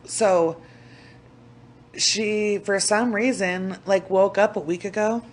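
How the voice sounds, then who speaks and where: A young woman co-hosting a podcast in casual chat, blunt and animated, swearing freely as she tells stories. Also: medium pitch, slow pace, background noise. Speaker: podcast co-host.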